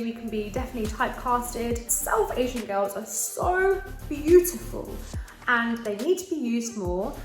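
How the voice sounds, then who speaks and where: A young woman from Britain, a model, chatting through fan questions in a casual vlog with a giggly, playful manner. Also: fairly high pitch. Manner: chatty and giggly, slipping into playful quoted voices. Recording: echoey room with faint music.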